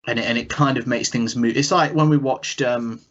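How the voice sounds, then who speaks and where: An English man co-hosting a casual podcast about cartoons, thinking out loud and often qualifying what he says. His voice sits at a middle pitch. The recording is dull and lo-fi. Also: steady tone, fairly quick. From England. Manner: musing, self-doubting, hedges his opinions. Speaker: podcast co-host. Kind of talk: casual chat reviewing a cartoon.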